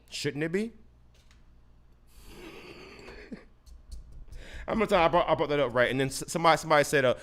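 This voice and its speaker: A man's voice: on the high side, lively intonation, normal speed, long pauses, fairly bright tone. Profane ranting man, heated and repetitive. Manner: profane, heated, repeats and stumbles over words. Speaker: podcast host. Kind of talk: solo political rant podcast.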